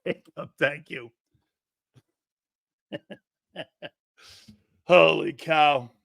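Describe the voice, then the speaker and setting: High, bright-voiced mocking sports talker. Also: male voice, very slow, creaky, no room sound. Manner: crude, sarcastic, mimics others in jeering voices; laughs often, jumps between loud outbursts and low mutters. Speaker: sports commentator.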